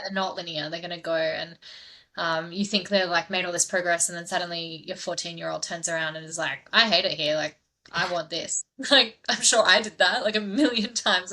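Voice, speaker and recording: A woman's voice: mid-range voice, sharp tone. A woman hosting a podcast, thoughtful and affirming in casual conversation. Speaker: podcast host.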